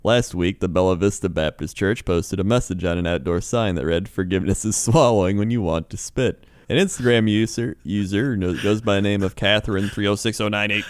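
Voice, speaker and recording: A man's voice: on the low side, fairly quick, hardly any pauses, clean tone, no room sound, studio quality. A man co-hosting a comedy podcast, reading news stories aloud and laughing between them. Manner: laughs often, reads stories aloud with asides. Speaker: podcast co-host.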